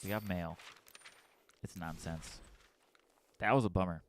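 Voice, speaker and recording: A man's voice: sits low, fairly even intonation, unhurried, a little hiss or hum. A man streaming a card game, chatting casually with his viewers and muttering through his plays. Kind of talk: casual commentary while playing a card game.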